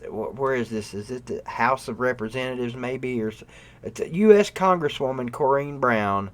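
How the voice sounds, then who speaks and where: A man hosting a livestream, rambling and cursing with bursts of loud mock outrage at his live chat. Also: medium pitch, moderate pace. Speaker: livestream host. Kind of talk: casual profane rant to live chat. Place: room at home.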